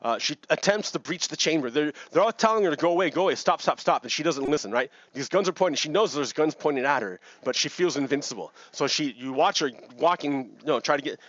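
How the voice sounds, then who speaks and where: A man's voice: fairly high pitch, animated, a little fast, few pauses, a bit bright, no echo, dull audio. A man giving casual, rambling commentary on news clips, repeating words and laughing between points. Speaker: video commentator.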